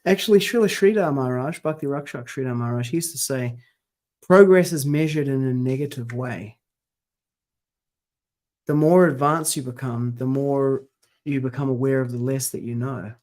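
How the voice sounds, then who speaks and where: A man's voice: medium pitch, moderate pace, a little mellow. A man co-hosting a podcast in casual chat, rambling through stories and acting out the quotes. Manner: rambling storyteller, acts out quotes. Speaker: podcast co-host.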